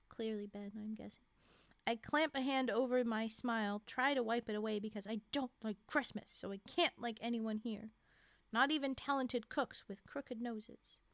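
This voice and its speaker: A high-pitched woman reads a story aloud on stream, stopping often to react and argue with the characters in a chatty, animated way. Her voice is bright and high, and the recording sounds dry and close, with no room echo. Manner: chatty, reacts loudly and talks back to the characters. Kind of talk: reading a story aloud with live commentary.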